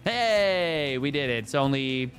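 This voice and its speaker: A man casting a strategy game tournament on his own, jokey and excitable, riffing between plays. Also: medium pitch, slow pace, soft background music. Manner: jokey, excitable, riffs and sing-songs. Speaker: esports caster. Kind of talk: solo game commentary.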